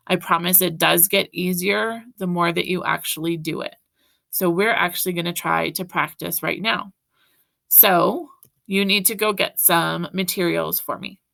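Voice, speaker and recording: A woman teacher talks straight to her students in a recorded lesson, coaxing and encouraging them along. Her voice sits low, with a gravelly, creaky edge and a bright, forceful tone. The sound is close and dry, with no room around it. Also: no echo. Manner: encouraging, talks directly to students with frequent "right?".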